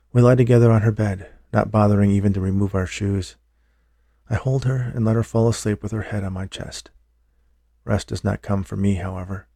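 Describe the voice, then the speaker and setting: A man reading a first-person audiobook in a somber, measured way. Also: fairly low pitch, creaky, warm tone, no room sound. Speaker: audiobook narrator.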